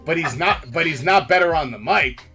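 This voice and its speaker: A brash man hosts a casual wrestling podcast, heated and swearing constantly. His voice sits a little high for a man. Soft music plays faintly behind him. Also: animated, a little fast. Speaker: podcast host. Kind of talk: casual profane wrestling talk.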